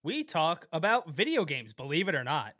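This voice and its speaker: Lively, bright-voiced man chatting. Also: fairly high pitch, moderate pace, no room sound, clean studio sound. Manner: upbeat, laughing often, promotional. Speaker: podcast guest. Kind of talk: casual chat.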